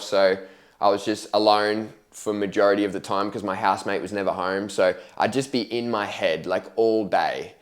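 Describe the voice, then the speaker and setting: A young man speaks to camera in a casual storytelling way, his voice sitting a little low. He is candid and slangy, swears freely, and acts out what he said and thought at the time. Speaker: vlogger telling his life story.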